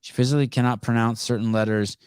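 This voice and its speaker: A man's voice: mid-range voice, steady tone, quick pace, darkish tone, clear, resonant tone, no room sound, studio quality. A man hosting a podcast in casual chat, blunt and swearing freely. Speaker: podcast host.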